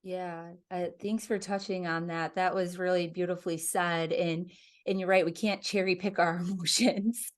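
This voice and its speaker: A woman's voice: lowish voice, flat delivery, normal speed. Woman podcast host; affirming, curious, casual questions. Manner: warm affirming listener, asks questions. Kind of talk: casual interview hosting.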